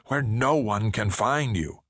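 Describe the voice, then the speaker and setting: A man voicing an older woman who is a falsely sweet abductor, speaking slowly in a coaxing, sugary way. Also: fairly low pitch, fairly bright tone, husky, no room sound, studio quality, exaggerated voice.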